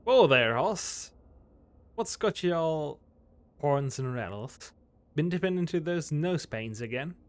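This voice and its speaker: A man's voice: mid-range voice, normal speed, close to an everyday voice. A man doing a folksy cowboy sidekick. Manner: folksy western slang.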